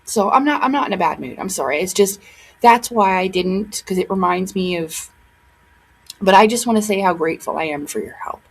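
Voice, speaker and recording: A woman's voice: lowish voice, lively intonation, a little fast, vocal fry, slightly rough, low-quality recording. A young woman talking casually to her camera at home, rambling and emotional, with many fillers and restarts. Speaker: vlogger.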